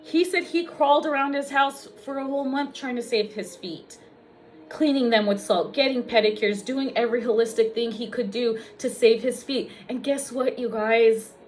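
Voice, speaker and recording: A woman's voice: on the high side, moderate pace, slight background noise. A woman from the United States, a registered nurse, talking in a raw personal vlog, emotional and blunt with lots of swearing, teary at times.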